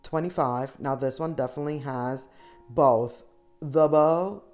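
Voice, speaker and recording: A middle-aged woman with a low voice chats eagerly with her viewers while she shops. She talks to them directly and warmly. Soft music plays faintly under her voice. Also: measured pace. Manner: chatty, enthusiastic, addresses viewers directly. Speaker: shopping vlogger. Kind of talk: casual shop-with-me voice-over.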